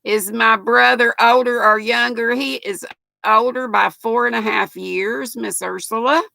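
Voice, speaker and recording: Slow gravelly North Carolina granny. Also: female voice, on the high side, pushed and bright, no room sound. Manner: chatty, folksy, reads viewer comments aloud. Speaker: livestream host reading chat. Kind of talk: casual chat.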